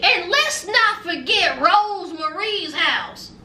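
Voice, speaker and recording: Sassy high-voiced woman vlogger. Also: expressive, slow pace, bright, forceful tone, far from the mic, slight background noise. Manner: sassy, addresses viewers as honey and y'all. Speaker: reality TV reviewer. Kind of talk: casual vlog review. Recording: roomy echo, a bit off-mic.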